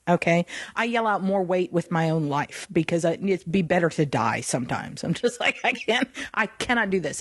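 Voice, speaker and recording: A woman co-hosting a Christian podcast, talking in an animated way and laughing often. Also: on the low side, dry recording, clean studio sound. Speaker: podcast co-host.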